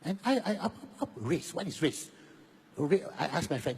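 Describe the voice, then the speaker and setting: A high, husky-voiced man in his fifties with a Malaysian English accent performs stand-up, mixing in Malay words and repeating himself in animated bursts. His voice rings out through a large hall with long reverb, caught on a stage mic. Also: moderate pace. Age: 50s. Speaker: stand-up comedian. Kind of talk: live stand-up storytelling. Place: large hall in front of an audience.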